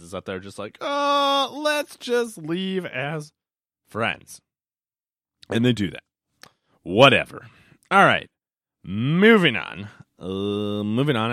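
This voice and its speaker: Young male podcast host, casual rambling chat, lowish voice, dry close-miked sound. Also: a bit bright, no room sound. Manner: rambling, chatty, hesitant with fillers and self-corrections.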